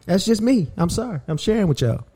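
Animated, fired-up male podcast host. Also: high voice, brisk, husky. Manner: animated, emphatic storyteller who gets worked up. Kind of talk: casual podcast chat.

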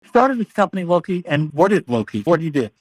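A man's voice: on the high side, big pitch swings, fast talker, darkish tone. A man hosting a podcast in casual, playful banter, joking and often repeating his words. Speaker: podcast host.

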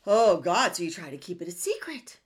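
A woman's voice: fairly low pitch, sing-song, a little fast, slightly rough. A woman hosting a self-help podcast, speaking earnestly and emphatically and often asking rhetorical questions. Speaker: podcast host.

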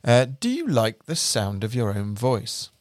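A man's voice: medium pitch, wildly swooping pitch, unhurried, no echo. A young British man hosting a podcast, telling stories in a chatty, self-deprecating way. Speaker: podcast host. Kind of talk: casual chat.

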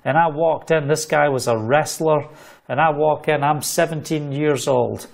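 A middle-aged man delivers a livestreamed sermon with fervent conviction. His voice sits a little high, and he tells stories while repeating phrases for emphasis. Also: steady tone, moderate pace, vocal fry. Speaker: preacher.

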